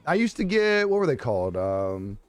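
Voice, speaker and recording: A man's voice: mid-range voice, very animated, normal speed, no room sound. A young man live streaming, chatting casually with viewers in a laid-back, profane way and laughing often. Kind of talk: casual chat reading viewer comments.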